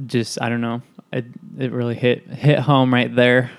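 A man reading questions aloud in a casual book discussion group, then answering earnestly and poking a little fun at himself. His voice is smooth and clear. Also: medium pitch, flat delivery, moderate pace. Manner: earnest, self-deprecating.

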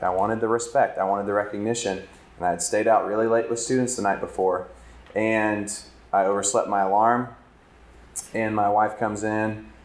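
A man in his thirties tells a personal story from the stage in a candid, self-deprecating way. His voice sits on the low side, and the hall around him gives it a clear echo. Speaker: campus ministry speaker. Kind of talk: conference talk. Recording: echoey hall.

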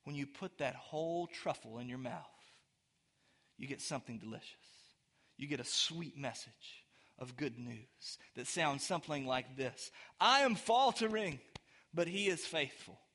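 A man's voice: mid-range voice, normal speed, fairly bright tone. A man preaching a sermon as pastor, talking conversationally with the congregation and building to emphatic, rising peaks.

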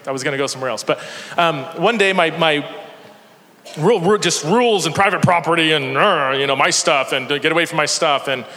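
A man's voice: on the high side, brisk, bright, forceful tone, a little hiss or hum. A man preaching a sermon in a church, telling stories with energy and self-deprecating humor. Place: church sanctuary. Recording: long church hall reverb.

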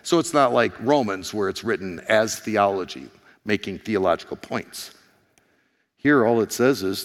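A man preaching a sermon as pastor, hoarse, animated and firing questions at his congregation. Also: on the low side, moderate pace. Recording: long reverb of a large hall.

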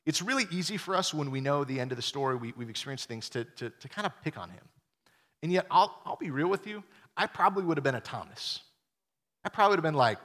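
Bright-voiced young male pastor preaching. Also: on the high side, fairly quick. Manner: casual, animated preaching with slang asides and acted-out quotes. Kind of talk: sermon. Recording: long hall reverb.

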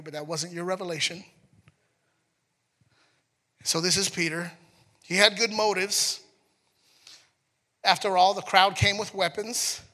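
A man preaching a sermon in a conversational, animated way, acting out scenes as he goes. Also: sits high, in a large hall. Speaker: pastor.

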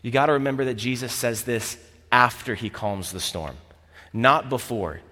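A man preaching a sermon as pastor, telling the story vividly with repeated phrases and dropping to a hushed voice at key moments. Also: mid-range voice, moderate pace, big-room sound.

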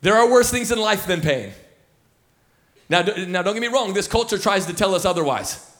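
In the church auditorium, a senior pastor in his thirties preaches to his church with a high-pitched, expressive, fairly bright voice at a moderate pace. His storytelling is loose, with many fillers and repeated starts.

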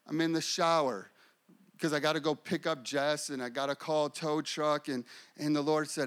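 A man's voice: on the high side, steady tone, moderate pace, a bit bright. A man preaching a sermon, repeating phrases and telling a personal story. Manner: repetitive, declaring, testimony-telling. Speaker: pastor.

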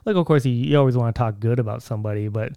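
A young man musing aloud on his podcast in a loose, meandering way, full of "uh" and restarts. His voice is smooth and resonant, and it sits dry and close to the mic. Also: medium pitch, very fast, mellow, no echo. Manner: rambling, conversational, many fillers and restarts. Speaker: podcast host. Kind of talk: casual solo podcast monologue.

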